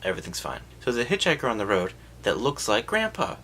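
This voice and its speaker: A man giving a sarcastic, profane comedic recap of a film, jumping into quick voices for the characters. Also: fairly low pitch, sing-song, fairly bright tone, slight background noise.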